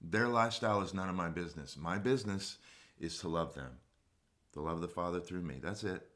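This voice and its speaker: A man's voice: low-pitched, fairly quick, a bit bright. A man, a vocal coach and producer, speaking earnestly about his faith as a guest on a casual livestream chat.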